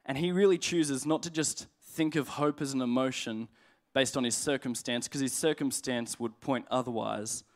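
Conversational male pastor preaching. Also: medium pitch. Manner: conversational, humorous, reads scripture slowly. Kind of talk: sermon.

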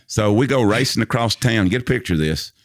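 A man's voice: lowish voice, expressive, a little fast, dry recording, clean studio sound. A man telling a personal story in casual conversation. He is a vivid storyteller who recites long passages from memory.

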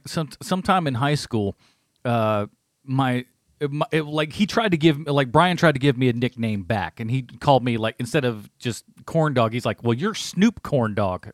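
A man's voice: mid-range voice, no room sound, studio quality. A man co-hosting a podcast, talking in casual chat and telling stories with frequent laughter. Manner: lively storyteller, laughs often. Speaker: podcast co-host.

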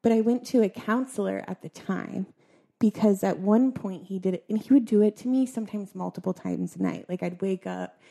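Gravelly and mid-range, a young adult woman's voice comes through in a confessional exchange. Her speech is quiet and halting, crowded with filler words.

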